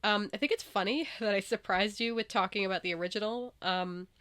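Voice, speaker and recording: A woman's voice: mid-range voice, fairly quick, fairly bright tone, clean tone. A woman hosting a podcast about movies, talking casually and laughing easily. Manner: chatty, laughs easily, conversational. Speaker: podcast host. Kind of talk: casual chat.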